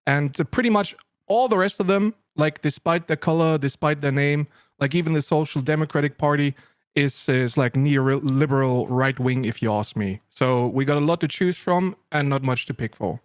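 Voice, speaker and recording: A man from Germany speaks English with a German accent in a wry, joking way. His voice sits a bit high, and the sound is close and dry. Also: normal speed, smooth, no echo. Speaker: guest streamer. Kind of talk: casual call conversation.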